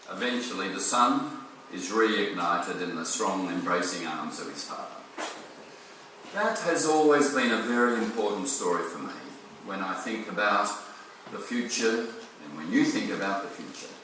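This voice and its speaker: A bright-voiced man with an Australian accent tells a story with earnest emphasis. The sound is echoey and distant, like a video played back in a big room, with a faint hiss behind it. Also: lowish voice, unhurried. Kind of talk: storytelling talk. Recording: echoey video playback from far off.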